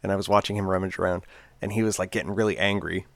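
Chatty man, deep voice, dry sound. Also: steady tone, very fast, creaky, a bit bright, no echo. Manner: rambling, chatty, many fillers. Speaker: podcast co-host. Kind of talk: casual storytelling chat.

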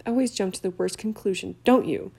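A woman reading a testy teen boy wizard, exasperated, gravelly. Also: mid-range voice, a little fast, darkish tone. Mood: defensive. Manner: defensive, exasperated. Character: defensive teenage boy wizard.

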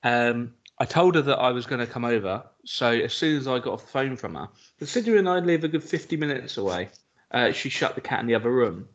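Man, podcast co-host, dry wry humour, mid pitch, slightly muffled recording. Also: expressive, a little fast. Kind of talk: casual chat.

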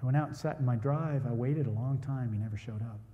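Animated male preacher in a reverberant hall. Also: mid-range voice, fast talker, highs cut off. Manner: animated storyteller who acts out quoted voices. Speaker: pastor. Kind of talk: sermon storytelling.

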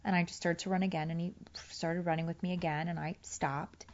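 A woman's voice: fairly low pitch, little pitch movement, brisk, darkish tone, highs cut off. A woman candidly recounting a fight with her partner, acting out both sides of the conversations. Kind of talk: candid personal storytelling.

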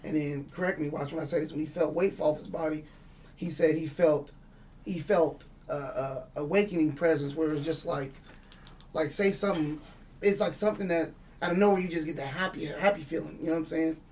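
A man's voice: fairly high pitch, fairly quick, a little mellow, recorded from a distance, slight background noise. A man telling a spiritual story in casual chat, rambling and profane, acting out the dialogue. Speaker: guest.

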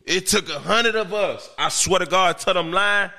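A man, a podcast host, telling a story in casual chat in an animated, profane and emphatic way. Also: high voice, normal speed, creaky. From Miami, Florida.

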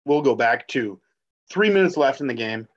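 A man telling an excited, profane story about watching his team win, on a podcast. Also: medium pitch, moderate pace, lo-fi sound. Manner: loud, profane, animated fan talk. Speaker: podcast guest, sports fan.

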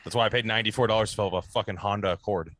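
Deep-voiced deadpan man. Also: very fast, crowd noise. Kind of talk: casual crude banter.

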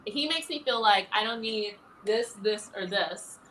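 In this casual interview chat, a former pageant titleholder talks animatedly as the guest, laughing frequently while recounting her story. Her voice is medium-pitched and expressive, with a measured pace and a sharp tone. Slight background noise comes through on the low-quality recording.

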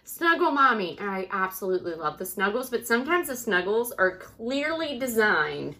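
A woman's voice: mid-range voice, very animated, moderate pace, fairly bright tone. A woman in her thirties co-hosting a podcast, talking in candid, profane, laughing banter about family life. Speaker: podcast co-host. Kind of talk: casual chat.

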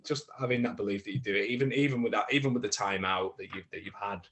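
A man's voice: on the low side, a bit bright. A man, an actor chatting casually as a guest, full of restarts that build into emphatic advice. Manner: halting, many restarts, gets emphatic giving advice. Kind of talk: casual chat.

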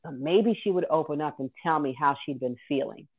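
A woman's voice: low voice, a little fast, husky. A woman telling an earnest, vivid personal story as a guest host. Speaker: guest host sharing her caregiving story. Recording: tinny phone-like audio.

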